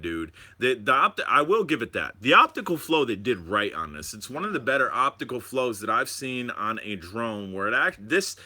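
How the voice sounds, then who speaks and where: A man hosting a live stream at home, rambling excitedly and talking to his viewers about drones. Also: mid-range voice. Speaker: drone channel host.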